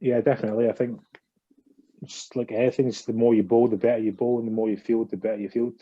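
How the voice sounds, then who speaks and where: A man's voice: medium pitch, level tone, fast talker, mellow, dull audio, a little hiss or hum. A man answering interview questions plainly and a little hesitantly. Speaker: cricketer, guest.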